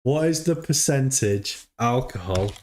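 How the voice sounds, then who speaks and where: A man hosts a casual livestream in a mid-pitched voice. He rambles, stumbles over repeated words and keeps his chat loose and chatty. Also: animated, a little slow, a little mellow, a little hiss or hum. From United Kingdom. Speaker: livestream host.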